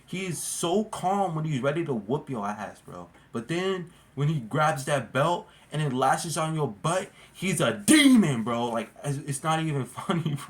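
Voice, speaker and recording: A man's voice: fairly high pitch, sing-song, measured pace, few pauses. Rambling young man telling stories. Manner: rambling, slangy, peppered with "bro" and "like". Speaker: vlogger. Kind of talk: casual storytime monologue.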